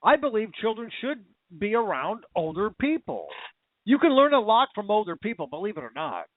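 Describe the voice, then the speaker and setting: This talk radio host's voice sits high and swings widely in pitch as he delivers an angry, emotional monologue at normal speed, going over the same points again and again while his fury builds. The audio has no echo and sounds tinny, like a phone.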